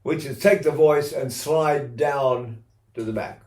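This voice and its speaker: An older man with a mid-range, darkish voice teaches singing technique at an unhurried pace, speaking animatedly and slipping into short sung vowels and laughter as demonstrations. It's a singing lesson with sung examples, recorded in a roomy, echoing space.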